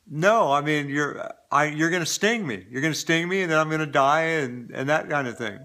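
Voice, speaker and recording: A man's voice: a little high, normal speed, sharp tone. A man voicing a good-natured, trusting frog from a fable, talking hesitantly.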